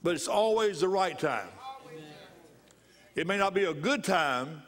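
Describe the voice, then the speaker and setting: A man's voice: sits high, animated, unhurried, a bit bright. A male pastor preaching a sermon in church, repeating phrases for emphasis and bursting into laughter.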